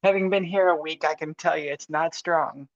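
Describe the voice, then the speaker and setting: A woman's voice: sits low, fairly even intonation, moderate pace. A woman chats casually and teases her co-host, laughing often. Her voice comes through slightly dull and muffled. It sounds dry, with no room echo. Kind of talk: casual chat. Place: Australia.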